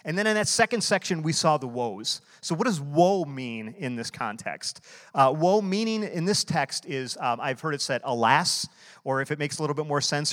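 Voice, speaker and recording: A man's voice: medium pitch, lively intonation, normal speed, fairly bright tone. A man preaching a sermon, explaining scripture earnestly and asking rhetorical questions. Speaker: guest preacher. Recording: long hall reverb.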